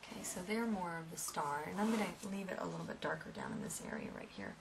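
A woman's voice: fairly low pitch, wildly swooping pitch, fast talker, gravelly, noisy background. A woman giving a step-by-step painting lesson in a chatty way, with asides to her students. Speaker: painting instructor. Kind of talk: painting tutorial.

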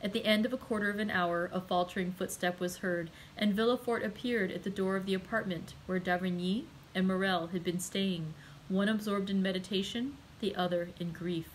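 Female librarian narrating a classic novel aloud, measured delivery. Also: mid-range voice, fairly even intonation, slight background noise, rough recording. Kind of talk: audiobook narration.

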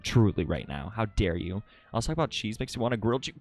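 Over soft background music, a man livestreams from his room at home and chats casually with viewers. His voice is very animated, brisk and a little mellow, and he plays things up dramatically, swinging into high, squeaky jokes.

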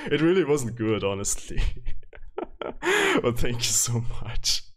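A man's voice: medium pitch, expressive, a little slow. Giggly man streaming a game. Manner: chatty, giggly, reacts loudly to the game. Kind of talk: live-stream gameplay commentary.

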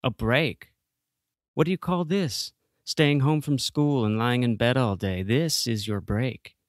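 A man's voice: medium pitch, a little slow, dry recording, clean studio sound, natural voice. A man voicing a manipulative, cold middle-aged mother who coaxes in a syrupy way. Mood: pushy. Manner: syrupy, coaxing, calls everyone darling.

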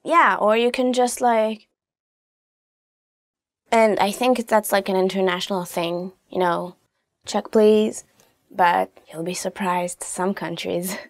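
A woman teaching phrases in a casual video lesson, chatty and quick to laugh, dropping into soft asides now and then. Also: mid-range voice, fairly even intonation, no echo, studio quality. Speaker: language teacher.

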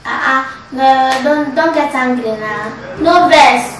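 A woman's voice: sits high, measured pace, recorded from a distance. A young woman guessing at phrases in a casual family vlog, hesitant and giggly. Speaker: daughter, vlog regular. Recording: echoey room, off-mic, some noise.

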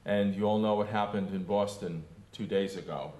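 Low-voiced American man moderating a panel. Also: fairly even intonation, moderate pace, dark tone. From United States. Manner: earnest, with light self-deprecating humor and many fillers. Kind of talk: conference speech and panel introduction. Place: conference hall.

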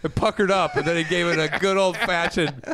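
Man, podcast co-host, teasing giggly banter, bright tone. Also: high voice, fairly even intonation, a little fast. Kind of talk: crude casual banter.

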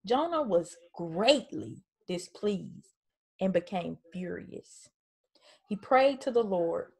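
A woman leads a casual Bible study from home, unhurried and measured in her delivery. She speaks conversationally, leaning into emphatic points and reading passages of scripture aloud. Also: mid-range voice, animated, creaky, husky. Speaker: Bible teacher.

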